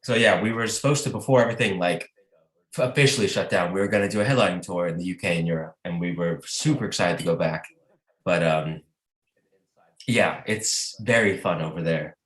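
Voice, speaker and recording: A man with a lowish voice tells road stories over a video call, and his voice bounces around an echoey room. He talks loosely and animatedly, full of "like" fillers and quick laughs. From Southern United States. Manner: animated storyteller who laughs often and uses many "like" fillers. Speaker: touring band musician, guest. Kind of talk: casual interview chat.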